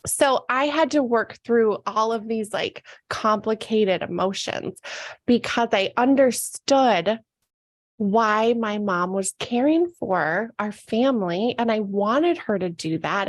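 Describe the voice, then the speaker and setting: A woman's voice: medium pitch, no echo. A woman in her thirties, a podcast guest, telling a personal caregiving story in casual chat, emotional and laughing through tears.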